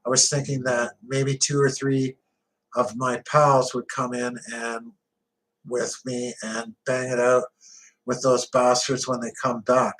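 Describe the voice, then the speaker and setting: A man's voice: mid-range voice, level tone, unhurried, fairly bright tone, rough recording. A man narrating an audiobook in the first person, with gritty, conversational storytelling.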